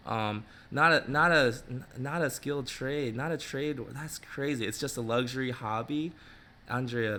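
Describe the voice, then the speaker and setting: A middle-aged man chatting casually with viewers, his voice bright and forward at a middle pitch. He talks with animated energy and laughs easily, slipping into quick voices as he tells a story. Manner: animated, laughs often, acts out little voices for dogs. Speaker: mobile dog groomer. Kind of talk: casual live-stream chat reading viewer comments.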